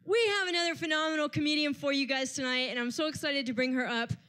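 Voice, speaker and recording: A woman's voice: high voice, steady tone, quick pace, fairly bright tone. A woman hosting a live stand-up show, teasing the crowd with playful banter before bringing up the next comic. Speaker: comedy show host. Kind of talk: stand-up comedy emcee. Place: live comedy stage.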